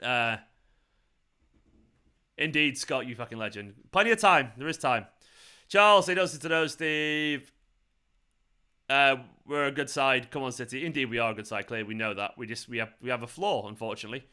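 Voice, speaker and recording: A man's voice: mid-range voice, moderate pace, long pauses, pushed and bright, clear, resonant tone. A man hosting a live football watchalong, tired and hungover, frustrated and swearing as he answers his chat. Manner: frustrated, swears often, talks back to chat. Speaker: fan channel host.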